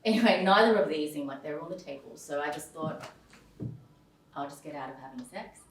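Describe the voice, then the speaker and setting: A woman's voice: deep voice, lively intonation, brisk, a little hiss or hum. A woman playing a frank, swearing young confessor on stage. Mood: confessional. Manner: frank, swearing, self-mocking humour. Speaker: actor in a verbatim stage play. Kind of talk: theatrical confessional monologue. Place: theatre stage. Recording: roomy stage sound from far off.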